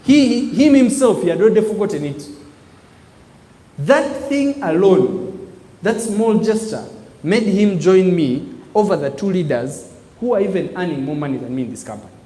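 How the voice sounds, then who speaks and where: A man delivers a motivational business talk to a live audience. His voice sits high, and he drives his points home with call-and-response prompts. The sound rings with the long reverb of a large hall. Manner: call-and-response preaching, emphatic, animated.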